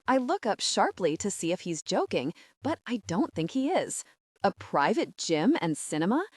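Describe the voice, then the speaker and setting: A woman narrating a first-person audiobook in a wide-eyed, expressive way. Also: mid-range voice, normal speed, no echo, clean studio sound.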